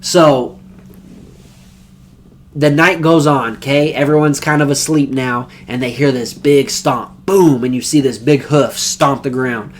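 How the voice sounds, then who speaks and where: A young man casually recapping an anime episode, rambling and excited, with slang and swearing. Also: mid-range voice, unhurried, a little hiss or hum. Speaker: anime reviewer.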